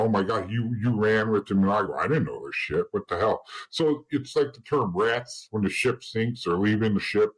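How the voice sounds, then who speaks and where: A man's voice: fairly low pitch, slightly rough, poor audio. A man guest in an interview, telling stories in blunt casual talk with swearing and acting out the dialogue of the people in them.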